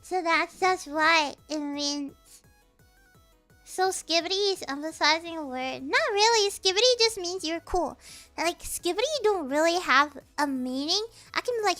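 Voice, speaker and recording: Very high-pitched, slow-talking young-sounding woman. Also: animated, a bit bright, faint music behind. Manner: giggly, rambling, with many restarts. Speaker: streamer teaching slang. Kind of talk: casual livestream explanation.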